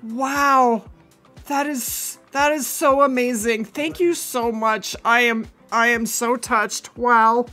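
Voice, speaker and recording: A woman's voice: fairly high pitch, takes it slowly, faint music behind. A woman hosting a live game stream, chatting casually as she plays and gushing over viewers. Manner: chatty, thinks aloud, gushes with excitement. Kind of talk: casual live gameplay commentary.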